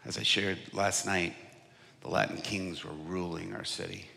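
Bright-voiced preacher man in a reverberant hall. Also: sits low, moderate pace, creaky. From United States. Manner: animated, acts out quotes with big swings in loudness. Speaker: evangelist preacher. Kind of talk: sermon storytelling.

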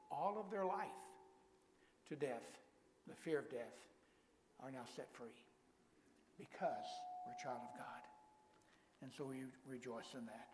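A man's voice: on the high side, darkish tone, long reverb tail, a little hiss or hum, rough recording. An older man preaching as a guest pastor in a church, speaking in a folksy way with self-deprecating humor. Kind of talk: sermon.

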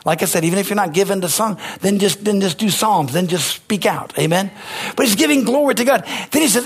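A male pastor delivering a sermon in an emphatic, call-and-response style. His voice sits fairly high and has a husky edge. He keeps turning to the congregation for answers. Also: expressive, brisk.

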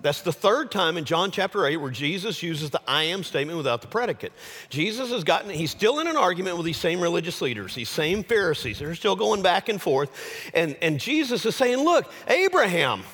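A male pastor preaching a sermon, swinging from loud exclamations to hushed, low phrases. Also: expressive, a little fast. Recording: long hall reverb.

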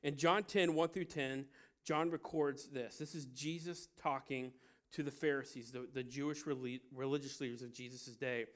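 A man's voice: mid-range voice, fairly even intonation, moderate pace, a bit bright. Joking conversational male preacher. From Cincinnati, Ohio. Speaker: pastor. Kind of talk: sermon.

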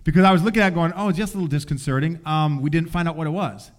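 An older man preaching, telling a family story in an animated way and acting out voices. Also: a little high, racing. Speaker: pastor. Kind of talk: sermon storytelling.

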